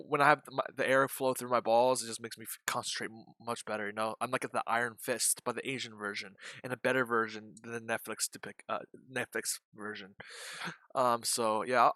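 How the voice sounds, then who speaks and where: Bright-voiced man hosting a trading stream. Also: mid-range voice, steady tone, brisk, no echo. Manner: joking, rambling, swears freely. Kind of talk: live trading stream commentary. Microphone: desk microphone.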